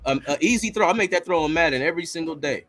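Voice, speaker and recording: Profane, heated male fan ranting on a podcast, slightly high voice. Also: very fast, fairly bright tone. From Los Angeles area. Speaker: guest fan.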